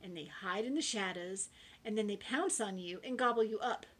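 A small boy from a picture book, loud and emphatic, piling on dramatic warnings, as a teacher puts him on. The voice is pushed a little higher and punchier than her plain reading. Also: normal speed, slightly rough, natural voice. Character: small lost boy, sure of himself, dramatic.

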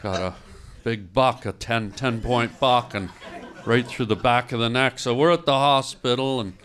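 A male comedian on a club stage, spinning an absurd story in a deadpan, mock-grieving tone. His voice sits at an ordinary middle pitch for a man. Every so often he turns and snaps at the crowd in mock anger. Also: normal speed. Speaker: stand-up comedian. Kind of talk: improvised stand-up.

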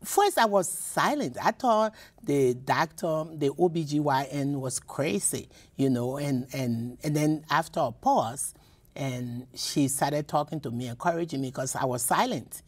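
A woman's voice: sits low, lively intonation, unhurried, breathy edge. A woman from Liberia, a poet and professor, telling personal stories in a radio interview, with many repeats and restarts. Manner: emotional, repeats words, restarts often.

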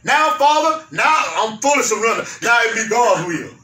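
A male pastor, preaching a fervent sermon that rises to shouts and repeats its phrases. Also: very high-pitched, lively intonation, normal speed, a little hiss or hum. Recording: echoey room, mic far off.

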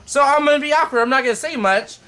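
A man's voice: extremely high pitch, fast talker, bright, forceful tone. A young man talking in casual chat, awkward, polite and flustered. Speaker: interviewee.

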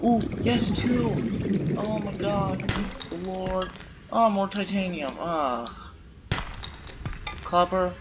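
A man's voice: sits high, drawn-out words, pauses often, heavy background noise. A man doing goofy, rambling let's play commentary, full of silly wordplay, over game sounds. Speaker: gameplay commentator.

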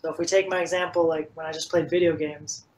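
Energetic man talking about fitness. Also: fairly high pitch, fast, low-quality recording. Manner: energetic, animated storytelling with many "like"s. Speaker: fitness coach guest. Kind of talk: casual interview talk.

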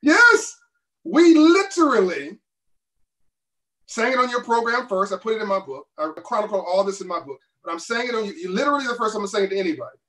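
A man's voice: high-pitched, animated, racing, hardly any pauses, sharp tone, far from the mic, a little hiss or hum, low-quality recording. A man speaking as a guest author in an interview, making his points with emphatic bursts and laughing between them over a video call. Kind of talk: passionate interview talk.

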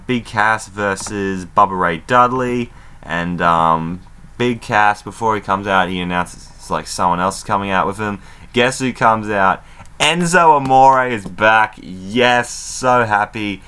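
Deep-voiced man, chatty fan recap. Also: smooth. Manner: loose and chatty, lots of fillers and swearing; excitable fan. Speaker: wrestling show reviewer. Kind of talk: casual spoken recap.

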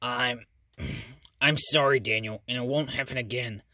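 A man voicing a beaten, scared schoolyard bully who yells in panic and mutters apologies. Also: mid-range voice, steady tone, unhurried, no echo, studio quality. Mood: grudging. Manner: shouted panic, then grudging mutter.

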